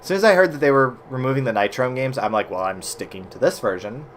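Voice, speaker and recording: An American man casually commenting while playing old browser games for his stream chat, swearing and reacting loudly as he plays. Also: medium pitch, lively intonation, fast, a little hiss or hum. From United States.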